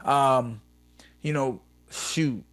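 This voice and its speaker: A man's voice: medium pitch, drawn-out words, a bit bright, faint music behind. A man in his thirties, a guest on a podcast, chatting casually and rambling through profane stories. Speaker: podcast guest, professional fighter.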